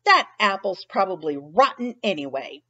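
A woman reading aloud and voicing a friendly female farm cow in a picture-book story, in a bright, slightly louder voice. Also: medium pitch, sing-song, moderate pace, dry recording, highs cut off, pitched below the performer's own voice, heavily acted. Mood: grumpy.

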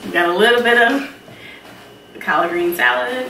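A woman hosts her own cooking show in a roomy kitchen and talks straight to the viewers in a chatty, friendly way. She is recorded from some distance away, so her voice sounds echoey. Quiet clinks of dishes and cutlery can be heard in the background. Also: medium pitch, moderate pace, slight background noise. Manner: chatty, addresses viewers directly. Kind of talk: casual cooking demonstration. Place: home kitchen.

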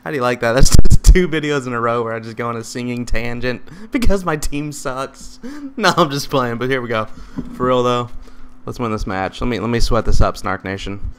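A man giving loose, rambling live commentary over his own multiplayer match, excitable and full of profane, jokey trash talk. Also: medium pitch, moderate pace, slight background noise. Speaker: gaming commentator.

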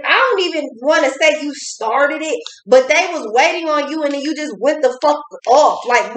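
A woman's voice: fairly high pitch, a bit bright. A woman giving a casual tarot reading, talking bluntly with lots of swearing and repeating phrases for emphasis. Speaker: tarot reader. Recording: echoey room.

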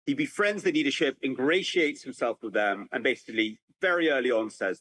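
A man delivers a public lecture from home over his computer. His voice rises and falls widely, and he tells the history with lively, animated energy, often breaking off and restarting sentences. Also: medium pitch, a little fast, few pauses, poor audio. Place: at home with a computer, remote talk.

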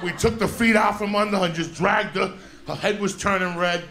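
Performing live in a roomy venue, a New Jersey stand-up with a gravelly, fairly high voice tells a foul-mouthed, rapid-fire tale and often shouts, though his intonation stays fairly even. Loud audience laughter rolls beneath him, and a little hiss or hum sits in the recording.

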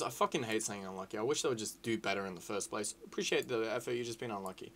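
A young man giving casual, excitable, sweary commentary over a football management game. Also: mid-range voice, moderate pace. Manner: excitable, sweary, shouts at the screen. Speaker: gaming YouTuber.

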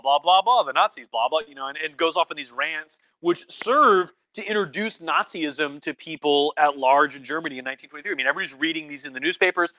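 A man's voice: a little high, sharp tone, dry recording. A tipsy male professor giving a rambling, casual livestream lecture at home, full of fillers and mock voices for quotes. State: drinking, tipsy.

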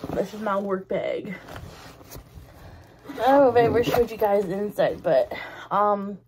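A woman's voice: medium pitch, dark tone, slight background noise. Giggly woman in her twenties. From Canada. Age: 20s. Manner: giggly, rambling, exclaims often. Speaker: vlogger. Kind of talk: casual chatty vlog.

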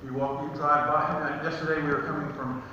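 A man preaches to his congregation in a high, bright voice, telling personal stories and rising to emphatic peaks. He is heard from a distance in a very echoey church sanctuary. The recording is slightly dull, with a faint hiss behind him. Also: level tone, fairly quick. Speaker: pastor. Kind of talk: sermon.

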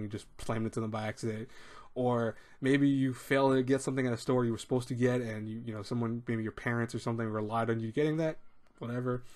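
A man hosting an advice talk, speaking casually and rambling, with restarts and little acted-out quotes. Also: medium pitch. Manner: rambling, repeats words, acts out quoted speech. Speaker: advice show host.

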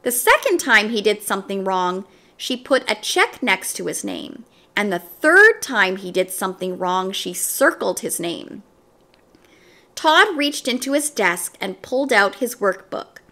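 A woman reading a children's storybook aloud in a gentle, expressive storytelling manner. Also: medium pitch, a little slow. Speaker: story reader.

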